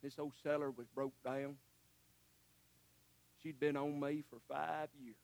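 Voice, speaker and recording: A male preacher, delivering a sermon that swings from shouts to hushed, emotional asides and calls the listeners honey. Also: on the high side, fairly even intonation, measured pace, vocal fry.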